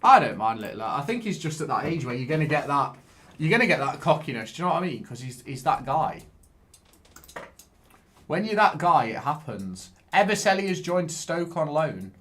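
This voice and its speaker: A man giving casual live-stream commentary while he plays a game, excitable, swearing and chatting with viewers. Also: a little high, moderate pace.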